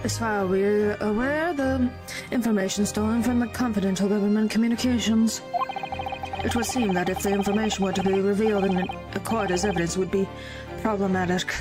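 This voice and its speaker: A woman's voice: medium pitch, steady tone, brisk, lightly acted, low-quality recording. A woman voicing a scheming older man who speaks in a stern, dismissive way, with game music behind. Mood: probing. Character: scheming older male British newspaperman.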